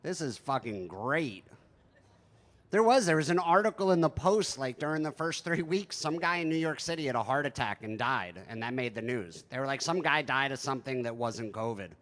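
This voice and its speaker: A man's voice: a little high, animated, moderate pace, a bit bright. A man in his thirties doing stand-up, telling stories in a conversational, profane, self-deprecating way. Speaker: stand-up comedian. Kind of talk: stand-up storytelling.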